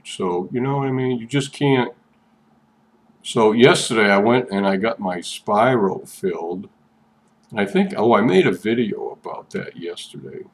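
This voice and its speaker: An older man with a fairly low, gravelly voice tells a rambling personal vlog. He is chatty and meandering, often doubling back on his words. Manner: chatty, meandering, repeats himself. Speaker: vlogger.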